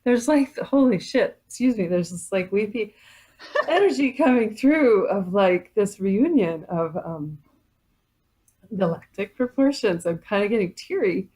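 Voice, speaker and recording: A woman guest on a podcast who talks effusively and slips into spoken channeling, delivering messages in an earnest, drawn-out way. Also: medium pitch, animated, darkish tone. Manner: effusive, breathy delivery with laughs.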